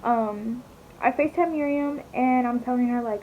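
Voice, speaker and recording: Young woman, slightly high voice, chatty and dramatic, dull recording with faint hiss. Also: normal speed. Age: young adult. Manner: chatty, dramatic, fillers and swearing. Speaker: vlogger. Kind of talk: casual storytelling vlog.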